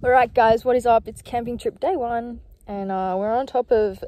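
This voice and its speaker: A woman's voice: a little high, fairly even intonation, normal speed, warm tone. A young woman filming a casual hiking vlog on a mountain trail, chatty and sweary, talking into a handheld camera. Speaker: vlogger.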